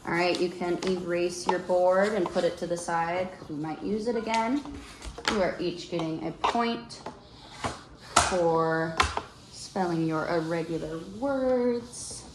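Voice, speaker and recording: A woman teacher leading a small-group reading lesson, patient and encouraging, slowing down to explain letter sounds. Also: on the low side, echoey room, background noise. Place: classroom.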